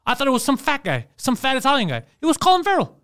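Fast-talking man telling a rambling story. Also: very high voice, dry recording, studio quality. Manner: rambling, animated storyteller with frequent restarts. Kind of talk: casual chat.

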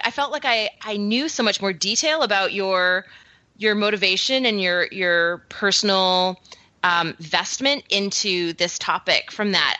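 A woman's voice: mid-range voice, pushed and bright, dry recording, dull audio. A woman from Canada co-hosting a podcast, enthusiastic and rambling with lots of fillers. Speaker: podcast co-host. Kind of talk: casual podcast chat.

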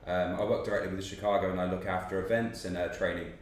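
A man's voice: low voice, level tone, fast. A man talking about beer as a brand guest on a podcast, explaining in detail with many fillers, recorded in a pub. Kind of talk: casual podcast chat. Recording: roomy pub with faint background noise.

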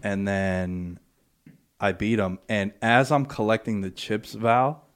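A man's voice: on the low side, fairly even intonation, slow pace, clear, resonant tone. A man co-hosting a casual chat, telling stories in a laid-back, drawling way. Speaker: podcast co-host.

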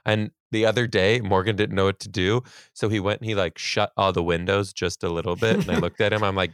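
Deep, gravelly man in a dry room. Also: a little fast, hardly any pauses, no echo. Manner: expressive, reacts loudly, laughs often. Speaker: podcast co-host. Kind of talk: casual chat.

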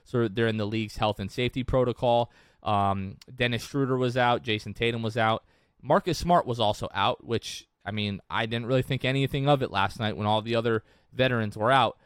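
A man's voice: medium pitch, brisk, clean tone, dry recording. A man co-hosting a sports podcast, talking casually and rambling with frequent restarts. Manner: rambling, chatty, many restarts. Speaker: podcast co-host. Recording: dry close-mic sound.

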